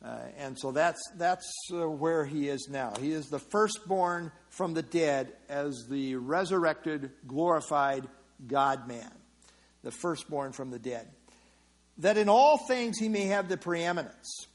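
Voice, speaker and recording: A man's voice: fairly high pitch, unhurried. A man teaching a Bible passage verse by verse in an explanatory sermon style, often repeating key phrases.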